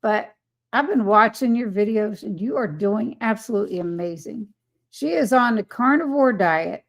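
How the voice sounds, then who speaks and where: A woman with a medium-pitched voice and lively intonation hosts a casual live stream at normal speed. She greets viewers by name and reads their chat comments aloud, laughing frequently.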